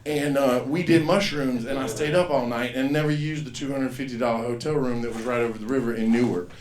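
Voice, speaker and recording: A man, performing a rambling, profane stand-up set and loudly acting out the people in his stories. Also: medium pitch, fairly even intonation, brisk, echoey room. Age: 50s. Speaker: stand-up comedian. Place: comedy club stage.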